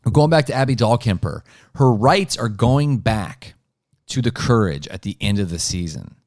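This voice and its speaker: A man's voice: lowish voice, lively intonation, normal speed, darkish tone, no echo, clean studio sound. A man co-hosting a casual sports podcast, rambling with lots of "like" and "um" as he runs through picks. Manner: rambling, full of "like" and "um". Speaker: podcast co-host.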